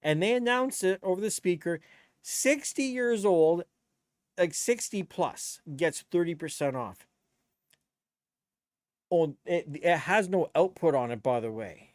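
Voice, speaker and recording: A man's voice: a little high, expressive, unhurried, dry recording, studio quality. Blunt, swearing man in his fifties. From Canada. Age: 50s. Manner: profane, rambling and blunt. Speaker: DJ live streamer. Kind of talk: casual live-stream chat.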